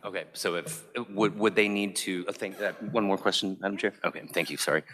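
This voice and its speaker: A male committee member poses a question hesitantly, restarting his phrases. His voice is very deep yet bright and forceful in tone. The audio echoes with the long reverb of a hearing room. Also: steady tone, brisk, a little hiss or hum. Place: large legislative hearing room.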